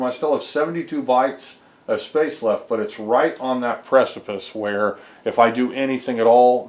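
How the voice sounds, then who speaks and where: A low-pitched man explains his game code in a loose, rambling vlog. He fills the pauses with ums and uhs as he goes step by step. His voice carries an echo from the room around him. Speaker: homebrew game developer. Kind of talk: casual screen-recorded dev vlog.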